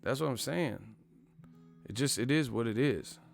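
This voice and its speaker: A man's voice: medium pitch, a little slow, creaky, soft background music. A man hosting a boxing channel, ranting in casual live-stream commentary with lots of slang and profanity. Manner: animated, profane, slangy rant.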